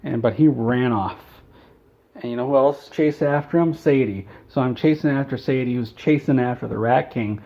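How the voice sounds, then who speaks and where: Casting: male comic storyteller, deadpan and rambling, mid-range voice, slightly muffled lo-fi recording. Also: mid-range voice, normal speed, vocal fry. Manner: rambling, deadpan delivery of absurd events. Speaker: vlogger telling an absurd story.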